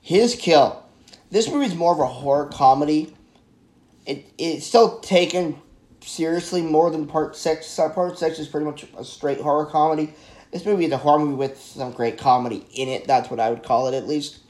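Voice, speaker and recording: A man talks through a horror film review in a loose, excitable ramble. He keeps tripping over his words and backtracking, and his voice sits a little on the high side. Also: normal speed. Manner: excitable, rambling, stumbles and corrects himself.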